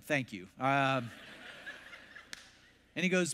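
A man preaching a sermon as pastor, telling a story with lively quoted voices. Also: on the high side, normal speed. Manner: animated, acts out quoted voices. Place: large church hall. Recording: long hall reverb.

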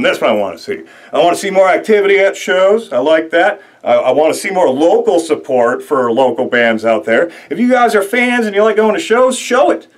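A young male host launches into an excitable comedic rant, rambling through fillers and restarts as he works himself up. His voice sits noticeably high for a man. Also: a little fast, few pauses.

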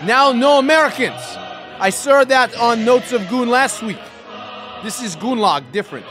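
A man's voice: sits high, very animated, slow, music in the background, voice pushed up, full character voice. A man playing a brash, crude Russian podcast host in a put-on Russian accent with broken English and dropped articles. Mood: loud bragging. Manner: loud and hammy, dropping articles.

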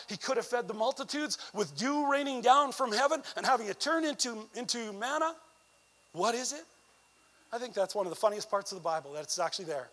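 A man from Canada, an evangelist preaching a sermon in a conversational way that swells into emphatic, near-shouted lines. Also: sits high, slightly rough. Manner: conversational asides with frequent "you know".

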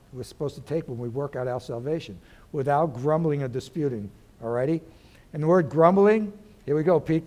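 Man, pastor, sermon, folksy, calls out to the congregation, loud to hushed, slightly high voice. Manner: swings from loud to very soft.

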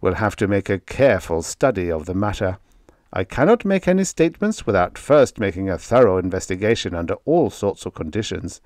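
A man's voice: low-pitched, sing-song, a little fast, a little mellow, no room sound. A man voicing a witty, dry-humored male station director in a science fiction story reading. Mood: wry. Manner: dry, mock-formal.

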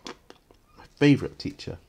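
A man's voice: measured pace, darkish tone. A man hosting a solo question-and-answer vlog. He reads out each question, then answers it himself in a casual, reflective way. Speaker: channel host.

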